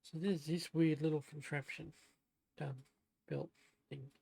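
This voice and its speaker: A woman streams from home, talking unhurriedly and softly to herself as she works. Her words come slow and low, a relaxed running commentary. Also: gravelly, slightly rough. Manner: slow, quiet, murmuring to herself while building. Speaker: live streamer. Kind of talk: casual live-stream commentary. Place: home room.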